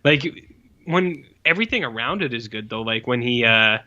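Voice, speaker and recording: Animated and forceful, with a bright mid-range voice at a moderate pace, a male podcast co-host in his forties rambles casually about an old film. Profane asides and plenty of fillers run through the talk, and the audio is dull.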